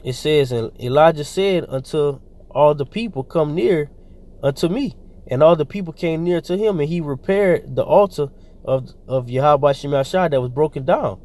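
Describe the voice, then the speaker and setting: A man with a somewhat high voice preaching informally. He reads scripture aloud, then breaks into slangy, rambling commentary full of fillers and restarts. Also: normal speed, warm tone.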